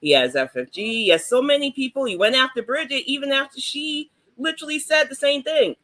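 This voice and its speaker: Outspoken middle-aged New woman panelist, bright and forceful tone, plain-spoken. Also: sits high, lively intonation, brisk. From New York. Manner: blunt and outspoken. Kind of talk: casual panel chat.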